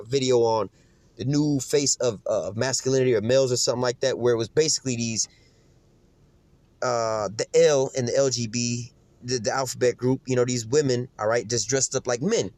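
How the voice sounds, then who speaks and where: A man in his own casual commentary, talking fast and rambling through restarts. His voice sits at a middle pitch. His speech is slangy and peppered with profanity, and the recording is dry with no room sound. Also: a little mellow, no room sound. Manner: slangy and profane, keeps adding "man" and "you know what I'm saying".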